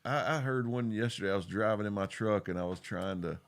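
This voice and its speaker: A man co-hosting a live stream in casual chat, trading quick, friendly banter and thanking viewers for joining. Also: lowish voice, gravelly.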